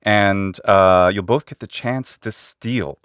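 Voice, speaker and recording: A man's voice: lowish voice, slow, a bit bright, smooth, no room sound, clean studio sound. A man acting as linguist quiz guest, patiently explaining names and running a game. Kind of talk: explaining, quizzing.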